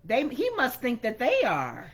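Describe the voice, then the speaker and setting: A woman's voice: on the high side, wildly swooping pitch, a little slow, very noisy. A woman co-hosting a casual podcast who mostly reacts to the story, with frequent "mm-hmm"s and exclamations. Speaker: podcast co-host. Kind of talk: casual chat.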